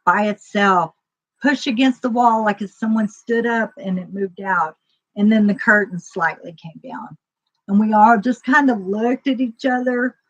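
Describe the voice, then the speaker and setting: A woman's voice: medium pitch, low-quality recording. A woman casually telling a personal story, rambling, with lots of fillers and acted-out dialogue.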